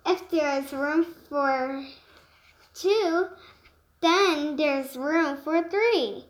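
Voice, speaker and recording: A woman voicing a cheerful, pushy male songbird who talks fast and excitedly. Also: sits high, echoey room. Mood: chirpy. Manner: quick, excited, loud chirping talk.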